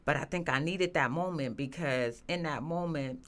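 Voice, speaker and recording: A woman telling her personal story as a guest, earnest and halting, with many restarts and fillers. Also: deep voice. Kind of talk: emotional personal testimony.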